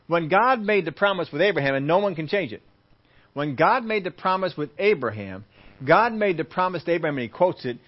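A man's voice: fairly high pitch, lively intonation, a little fast. Man preaching a sermon, lo-fi sound. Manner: acts out everyday scenes, repeats points for emphasis. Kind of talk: sermon with Bible teaching. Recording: muffled lo-fi recording.

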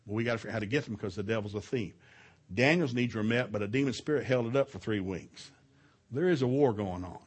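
A middle-aged man giving a preaching talk at a marriage seminar in a church, telling stories with lively shouted quotes and frequent chuckles. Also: lowish voice, fast, husky. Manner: animated storytelling, shouts out quoted lines, chuckles often. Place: church hall, live session.

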